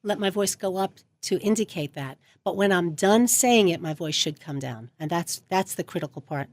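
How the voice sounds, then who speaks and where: A woman's voice: lowish voice, lively intonation, normal speed. A woman speech coach giving a radio interview from a studio, talking emphatically and stressing key words as she explains. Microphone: studio microphone.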